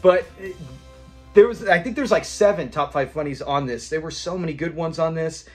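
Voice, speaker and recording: A man's voice: a little high, moderate pace, a little mellow, soft background music. A man recapping a sitcom episode in a casual, enthusiastic, rambling way. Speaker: episode reviewer.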